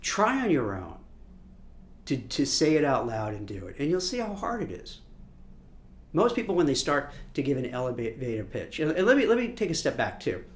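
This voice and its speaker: A man's voice: medium pitch, huge pitch swings, normal speed. A man giving a casual career-coaching lesson, acting out little scenes with hummed sound effects and restarting words as he goes. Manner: conversational, repeats words as he restarts. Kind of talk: casual instructional talk.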